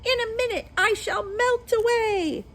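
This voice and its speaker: A woman's voice: expressive, normal speed, husky. A woman voicing a cunning wicked old witch who wails and screams in despair while reading a storybook aloud. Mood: wailing. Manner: shrill, wailing and despairing.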